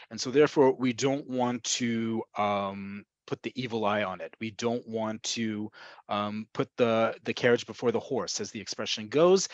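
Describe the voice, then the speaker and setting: A man's voice: medium pitch, no room sound. Man teaching Hebrew expressions in a webinar. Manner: explanatory, stresses pronunciation, asks "right?" often. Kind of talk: online webinar lesson. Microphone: webinar computer mic.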